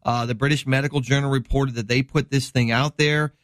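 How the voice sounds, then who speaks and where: A middle-aged man from Wisconsin hosts a health talk show as a doctor, chatting casually. He explains things in a rambling, enthusiastic way at a middle pitch. The sound is close and dry. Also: steady tone, brisk, fairly bright tone, no room sound. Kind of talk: casual chat.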